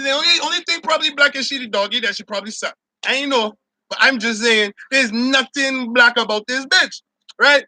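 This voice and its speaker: A man hosting his own opinion show, ranting loudly with profanity and frequent laughter, and mocking people in shouted voices. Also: very high voice, a little fast, no room sound. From Barbados. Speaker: show host.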